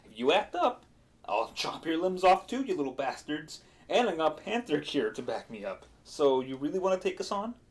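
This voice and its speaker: A man's voice: on the high side, sing-song, moderate pace. Man putting on a sneering villain. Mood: threatening. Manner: threatening, scornful. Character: sneering male villain extorting goblins.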